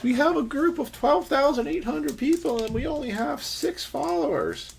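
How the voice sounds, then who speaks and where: A man putting on a high wailing crybaby woman. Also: sing-song, moderate pace, vocal fry, far from the mic, heavily acted. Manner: high wailing falsetto, self-pitying. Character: whiny weeping woman, upset about few followers.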